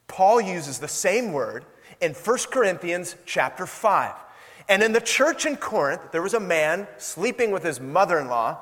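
A man's voice: high voice, a bit bright, big-room sound. A young adult man preaching a sermon in a conversational way, acting out quoted exchanges. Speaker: pastor.

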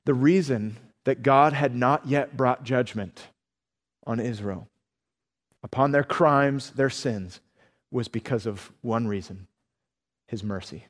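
A man preaching a sermon with earnest, animated storytelling. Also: medium pitch, takes it slowly, long reverb tail. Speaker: pastor.

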